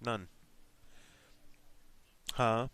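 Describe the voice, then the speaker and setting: A man's voice: mid-range voice, very slow, fairly bright tone, smooth, dry recording. A man chatting casually with his live viewers, rambling and teasing. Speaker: live streamer.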